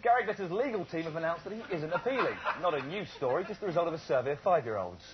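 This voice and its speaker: A man presenting satirical news, delivering jokes in a deadpan style. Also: fairly high pitch, rapid-fire. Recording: dull TV audio with audience noise.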